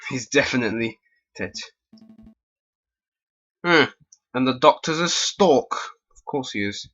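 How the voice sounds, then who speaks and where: Man, casual game commentary, deadpan, mellow voice, dull lo-fi sound. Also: medium pitch, unhurried. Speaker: let's play host. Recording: dull lo-fi recording.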